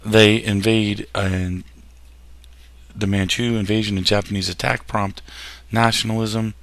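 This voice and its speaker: Guy teaching history off slides, joking around, trips on words, kinda low and gravelly. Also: little pitch movement, a little slow, a bit bright. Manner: casual, jokey, slips and restarts words. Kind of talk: classroom lecture over slides.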